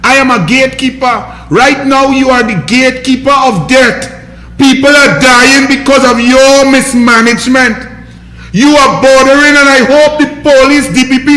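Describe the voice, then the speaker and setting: High-pitched ranting Trinidadian man. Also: sharp tone, roomy sound. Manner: combative, mocking, scolding. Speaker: political commentary host. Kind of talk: ranting political commentary.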